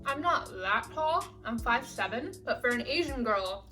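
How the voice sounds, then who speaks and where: Young woman vlogger, storytime, frank and matter-of-fact, a touch high-pitched, somewhat off-mic. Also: lively intonation, normal speed, sharp tone. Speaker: vlogger and actress. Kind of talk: casual storytime. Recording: voice a bit far from mic, faint music.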